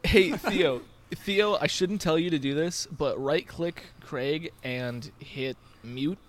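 A man playing a tabletop game over voice chat, speaking in an amused, drawn-out way. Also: fairly high pitch. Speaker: player.

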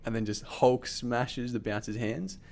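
A man telling a story in casual chat, animated and swearing freely, with lots of fillers. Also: mid-range voice, unhurried, vocal fry.

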